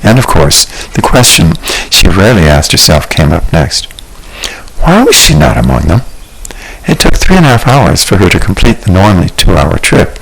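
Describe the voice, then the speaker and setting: A man narrating a novel as an audiobook, in an expressive, measured storytelling manner. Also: deep voice, gravelly, rough recording. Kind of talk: scripted narration.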